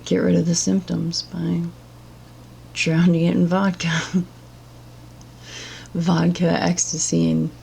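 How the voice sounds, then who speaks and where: A woman's voice: on the low side, little pitch movement, slow, creaky, pauses often, a little mellow, a little hiss or hum. A woman giving blunt, profane and sarcastic reaction commentary as a vlogger.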